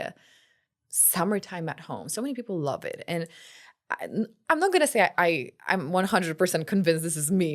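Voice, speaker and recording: A woman speaks on a podcast as a guest. Her voice sits fairly low for a woman, and she tells her stories in an animated way, acting out what people said. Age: late 20s. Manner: animated storytelling, acts out quotes, laughs often. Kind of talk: casual conversation.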